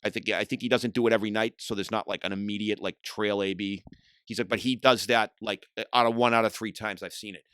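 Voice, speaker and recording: A middle-aged man, hosting a podcast and telling hardcore scene stories in a profane, animated way. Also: lowish voice, fast talker, clear, resonant tone, no room sound, studio quality. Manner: profane, animated storytelling, acts out quotes loudly. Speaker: podcast host. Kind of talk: casual storytelling monologue.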